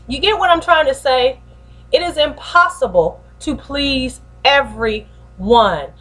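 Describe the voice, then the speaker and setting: A woman hosting a short motivational talk as a pastor, lively, slangy and preacherly in her delivery. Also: sits high, slow pace. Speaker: host and pastor.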